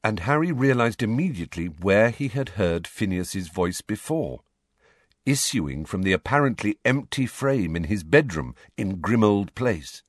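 A man reads a fantasy novel as an audiobook narrator in scripted narration, his voice fairly low and unhurried with no echo. His delivery combines lively storytelling with dry close reading.

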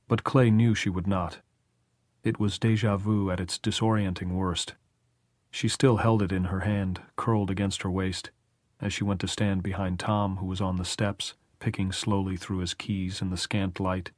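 A man narrating an audiobook in measured, even storytelling. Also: low-pitched, no room sound, studio quality. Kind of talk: scripted narration.

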